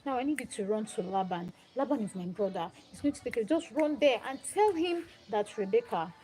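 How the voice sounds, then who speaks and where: A woman's voice: on the high side, lively intonation, fairly quick, warm tone, natural voice, rough recording. A woman voicing a mother who urgently warns her son to flee.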